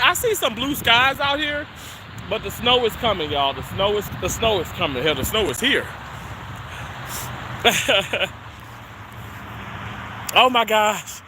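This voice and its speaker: A man's voice: extremely high pitch, lively intonation, measured pace, pauses often, background noise. A chatty man livestreaming outdoors on a snowy street, laughing often, a little winded from walking and talking to viewers. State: slightly winded from walking uphill. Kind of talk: casual walking livestream chat.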